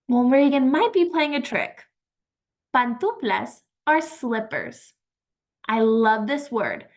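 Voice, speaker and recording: A woman teaching vocabulary in a slow, patient, encouraging way, repeating each word and praising the learner. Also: on the high side, very animated. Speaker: Spanish teacher. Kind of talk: slow vocabulary lesson with pauses.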